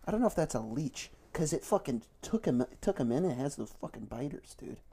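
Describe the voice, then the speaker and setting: A podcast co-host in casual chat, eager and full of swearing. The voice sits at a middle pitch and has a dark, relaxed tone. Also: fairly quick, slightly rough. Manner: enthusiastic, swears a lot.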